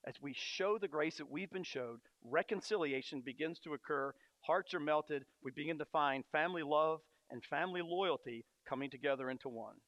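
A man preaching a sermon as a pastor, earnest and storytelling, often pausing on fillers. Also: a little high, no echo. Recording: dry, dull lo-fi sound.

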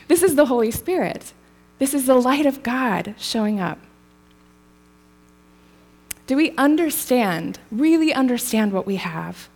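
A woman's voice: fairly high pitch, animated, normal speed. A woman preaching a sermon in a casual, storytelling way, laughing lightly now and then.

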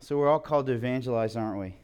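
A man's voice: mid-range voice, racing, darkish tone, clean tone. A man teaching a church group in an earnest, partly read-out way.

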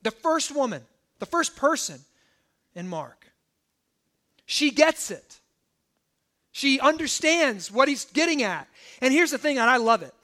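Male pastor, sermon delivery, very high pitched and bright, chatty with constant tag questions. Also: big pitch swings, a little slow, long pauses. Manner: conversational, peppers points with "right?" and "okay?".

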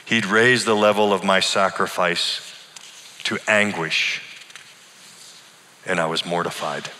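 A middle-aged male pastor tells a personal story in a sermon style, earnest and deliberate. His voice sits fairly low but comes across bright and forceful. A long reverb from a large hall hangs after his words. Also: fairly even intonation, slight background noise.

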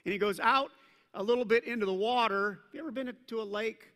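A man preaching a sermon as pastor, animated in his storytelling, acting out scripture voices, and dropping self-deprecating asides. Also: high-pitched, fast talker, in a large hall.

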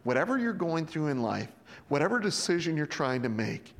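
A man's voice: fairly high pitch, big pitch swings, brisk, in a large hall. A man preaching a sermon in a conversational way, acting out the Bible scenes in quoted voices. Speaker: pastor.

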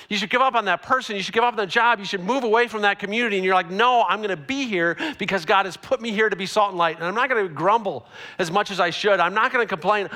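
A man preaching a sermon as a pastor, telling stories with animated, acted-out quotes. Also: high-pitched.

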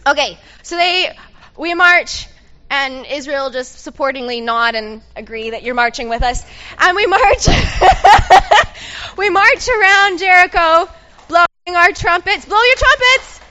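Woman preacher, high bright voice, animated and playful, dull lo-fi recording. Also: takes it slowly. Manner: animated, playful, directs the audience and makes trumpet sounds. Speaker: preacher leading an interactive Bible story. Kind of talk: lively sermon with audience participation.

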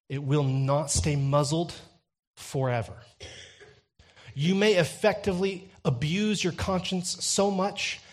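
A young man with a fairly high-pitched voice preaches a sermon built around a personal story. He tells it with a light touch before building to loud, intense emphasis.

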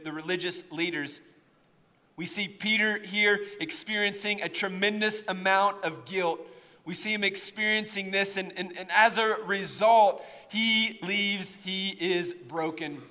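A man preaching in a church with a faint East Tennessee lilt, his voice a touch high and bright. He builds to forceful, near-shouted stretches when he drives a point home, and his words carry a long reverb through the sanctuary. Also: steady tone, unhurried. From United States. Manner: impassioned preaching, rising to near-shouts at emotional peaks. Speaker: pastor. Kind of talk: sermon.

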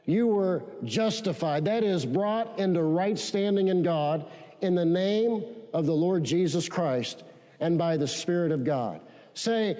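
A man's voice: high voice, dark tone. A man preaching a sermon and leading the congregation in call-and-response repetitions. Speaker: pastor. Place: large church sanctuary. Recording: long hall reverb.

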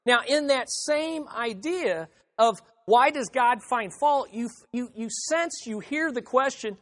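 A man's voice: extremely high pitch, lively intonation, slow, fairly bright tone. Emphatic preacher man in an echoing hall. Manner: emphatic, repeats phrases, acts out quoted objections. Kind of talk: expository sermon. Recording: reverberant hall.

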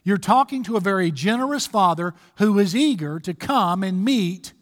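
A man's voice: sits high, lively intonation, long reverb tail. A man preaching an emphatic sermon as a pastor, stretching out key phrases and pressing his points. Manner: emphatic, exhorting, drawn-out slow phrases.

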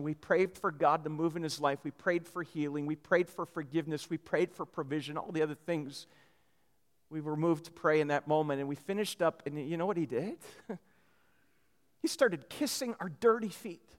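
A male pastor telling a personal story during a sermon, animated and full of quick restarts. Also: a little high, long reverb tail.

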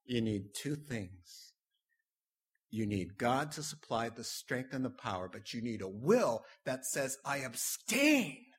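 A man preaching a sermon as pastor, emphatic and swinging from quiet to loud. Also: medium pitch, expressive, measured pace, husky. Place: church.

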